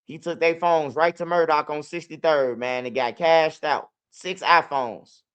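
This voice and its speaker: A man's voice: fairly high pitch, steady tone, measured pace, fairly bright tone, clear, resonant tone. A young man with a Chicago accent telling street stories in loose, profane casual talk. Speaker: interviewee. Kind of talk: casual storytelling.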